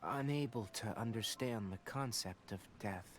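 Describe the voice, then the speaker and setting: An actor voicing a calm, somber young male scholar in a video game, explaining things in a measured way. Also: on the low side, soft background music, natural voice.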